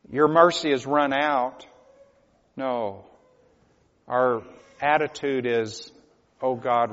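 A man preaching a sermon, swinging from hushed, quiet passages to loud, pleading cries. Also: mid-range voice. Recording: dull lo-fi recording in a reverberant hall.

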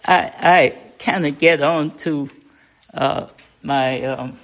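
A woman's voice: sits low, takes it slowly. An older woman leading an informal Bible study, talking in a folksy, conversational way and asking the group questions.

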